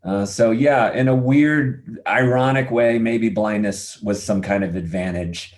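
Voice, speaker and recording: A middle-aged man telling stories in a casual interview, lively and quick to laugh, acting out the voices of people he quotes. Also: fairly low pitch. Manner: animated storyteller, acts out quoted voices, laughs easily. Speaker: podcast guest, adventurer.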